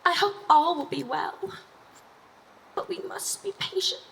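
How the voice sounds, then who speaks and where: A woman's voice: extremely high pitch, unhurried, vocal fry, slight background noise, exaggerated voice, poor audio. A woman acting a grief-mad young noblewoman on stage, half singing her lines in a drifting singsong. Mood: wistful. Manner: singsong, drifting, laughing softly.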